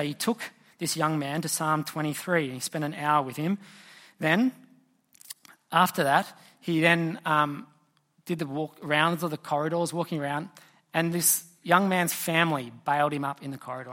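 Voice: mid-range voice, pushed and bright. A preacher delivers a sermon in a conversational, storytelling way. The voice keeps turning to the listeners with direct questions. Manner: storytelling, asks the congregation questions.

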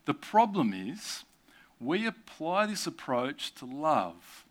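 A man's voice: fairly high pitch, sing-song, takes it slowly. A man giving a sermon, posing rhetorical questions and tossing in conversational asides. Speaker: preacher.

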